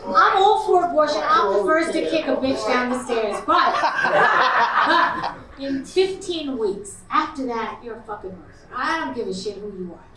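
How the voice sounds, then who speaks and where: A middle-aged woman works through a crude stand-up set, her voice sitting high and her punchlines dry and brash. She often breaks into laughter at her own jokes. The sound comes from far off in an echoey club, with a crowd laughing loudly behind her. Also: animated, moderate pace. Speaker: stand-up comedian. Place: small comedy club stage. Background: loud crowd laughter.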